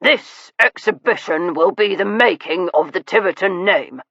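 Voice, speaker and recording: A woman's voice: lowish voice, measured pace, fairly bright tone, no room sound. A woman playing a pompous, blustering baronet. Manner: indignant, puffed-up. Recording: dull lo-fi audiobook recording.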